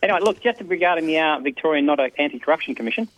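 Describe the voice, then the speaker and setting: A man calling in to a radio show, ranting quickly with laughs mid-sentence. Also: fairly high pitch, lively intonation, a bit bright. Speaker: caller. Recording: tinny phone line.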